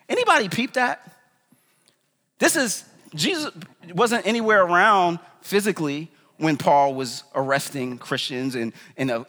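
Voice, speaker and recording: A man's voice: fairly high pitch, a bit bright, in a large hall. A man preaching a sermon as pastor in a casual, slangy, conversational way, in a church. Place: church in New York.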